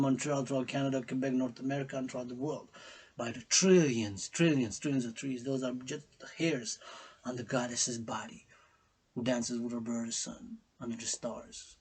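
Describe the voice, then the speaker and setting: Brief: husky-voiced man, rambling spiritual vlogger, repeats phrases like chants, drops to whispers, bursts loud. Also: medium pitch, steady tone, normal speed. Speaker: self-styled priestess and vlogger.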